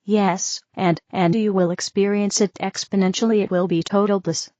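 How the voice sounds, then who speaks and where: A woman's voice: mid-range voice, fairly even intonation, moderate pace, warm tone, no room sound, natural voice. A woman voicing a serene, reassuring female spirit teacher who keeps saying "you see", in a dull, dry recording. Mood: soothing.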